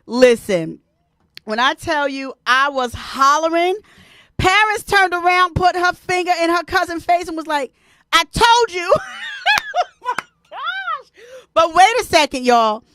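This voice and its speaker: Woman, host, animated casual chat, wide-ranging pitch. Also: unhurried. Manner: animated, laughs often, talks to viewers by name. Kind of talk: casual live-stream chat.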